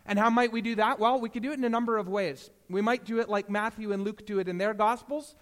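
High-voiced man preaching in a reverberant hall. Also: fairly even intonation, fast talker. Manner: storytelling, swings between hushed and emphatic. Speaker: pastor. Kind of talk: sermon.

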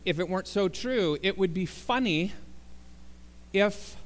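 A man's voice: high-pitched, a little slow. A man preaching a sermon as pastor, telling jokes and building to emphatic appeals in a church sanctuary. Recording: long reverb in a large hall.

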